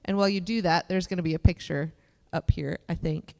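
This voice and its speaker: A woman's voice: on the low side, steady tone, a little fast, vocal fry, darkish tone. A woman hosting an on-stage interview at a church service, affirming her guest and adding dry sarcastic asides. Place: church sanctuary. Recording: long hall reverb.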